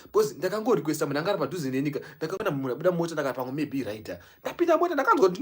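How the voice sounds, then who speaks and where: In a laid-back vlog marking a subscriber milestone, a young Zimbabwean YouTuber whose first language is Shona races along with few pauses, jumping between English and Shona mid-sentence. The mid-range voice is sing-song and slightly rough.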